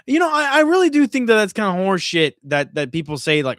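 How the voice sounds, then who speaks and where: Slightly fast and high-voiced, a man hosts a laid-back home live stream in studio-quality audio without room sound. Having had a few drinks, he launches into profane, animated rants.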